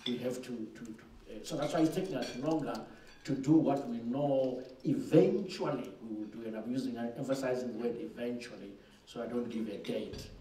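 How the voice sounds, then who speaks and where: A man's voice: mid-range voice, darkish tone. A man speaks frankly and emphatically, stumbling over repeated words as he builds his point. He is picked up from a distance in an echoing conference room. A faint hiss sits under his voice. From Zimbabwe. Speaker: finance minister. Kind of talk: answering questions at an investor forum.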